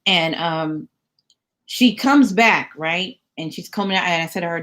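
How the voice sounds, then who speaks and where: Young woman, lowish voice, sassy vlog rant with repeated words and mocking asides. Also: measured pace. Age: young adult. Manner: animated, repeats words and phrases for emphasis. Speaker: vlogger. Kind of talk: storytelling rant.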